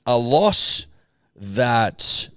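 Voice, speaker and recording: An Australian man co-hosting a podcast, deadpan and insistent, repeating his points in casual banter. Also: mid-range voice, drawn-out words, smooth, dry recording, clean studio sound. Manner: deadpan, insistent and self-defending. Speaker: podcast co-host.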